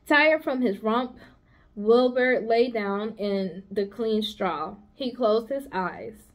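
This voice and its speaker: A woman's voice: a little high, slow pace. A woman from the United States, a school psychologist, reading a children's novel aloud expressively, with small slips and restarts. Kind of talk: children's book read-aloud.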